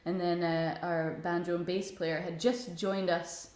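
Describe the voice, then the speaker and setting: Woman, guest musician, casual rambling chat, slightly low, echoey room. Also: level tone, a little slow, darkish tone. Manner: chatty, laughs often, rambling with fillers. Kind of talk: casual chat over video call.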